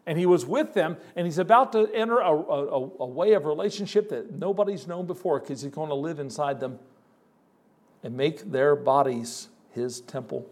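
A man preaching a sermon, emphatic and folksy, pausing and repeating words as he builds a point. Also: a little high. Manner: folksy, addresses listeners as folks.

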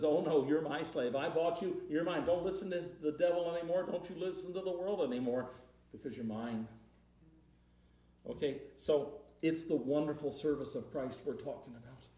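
A man's voice: fairly high pitch, mellow. A man preaching a sermon in a conversational way, repeating words and rising into emphatic passages. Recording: roomy hall, far from the mic.

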